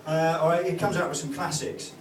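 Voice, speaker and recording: A man's voice: a little high, steady tone, brisk, slight background noise. A man doing a stand-up comedy set, rambling and hesitant with many fillers and restarts. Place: comedy club stage. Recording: roomy club sound from far off, loud crowd. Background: audience laughter.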